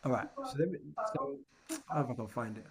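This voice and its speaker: Energetic man coaching a trading lesson. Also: mid-range voice, fast talker, a little hiss or hum. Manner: energetic, keeps checking in with "right?"; repeats and restarts words. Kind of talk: live online trading lesson.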